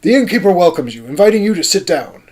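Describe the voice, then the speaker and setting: A man voicing a posh English storybook narrator, reading aloud in a formal, measured way. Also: high-pitched, big pitch swings, a little mellow, pitched above the performer's own voice. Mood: stately.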